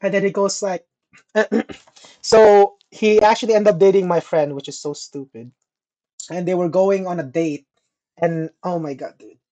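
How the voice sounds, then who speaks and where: Animated profane young man telling a story. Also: high voice, measured pace. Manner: animated, profane, mimics people in quotes. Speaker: podcast co-host. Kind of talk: casual storytelling chat.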